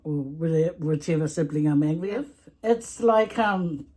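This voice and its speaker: In a low, dark voice at a measured pace, a woman with a Samoan English accent eats and chats in a casual storytime vlog. She talks plenty, laughs often, and tends to repeat herself.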